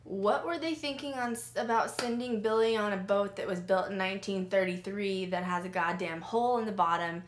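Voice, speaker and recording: A woman's voice: mid-range voice, echoey room. A young woman in her twenties, hosting a paranormal podcast, chatting casually and telling stories with lots of fillers. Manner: chatty, animated storytelling with many fillers. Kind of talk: casual chat reviewing a show.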